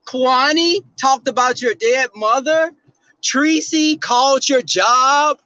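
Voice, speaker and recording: Brash high-voiced man with a Southern drawl. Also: slow, pushed and bright, no room sound. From Southern US, Texas. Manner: brash, profane, sassy. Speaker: livestream host. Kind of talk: casual ranting commentary. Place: outdoors in the cold. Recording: dull, dry sound.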